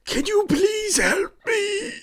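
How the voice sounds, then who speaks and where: Whiny frail old man, super high, wobbly. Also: big pitch swings, slow, fairly bright tone, heavily acted. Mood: pleading. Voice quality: warbling, high, wailing. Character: frail old man, fallen, pleading for help.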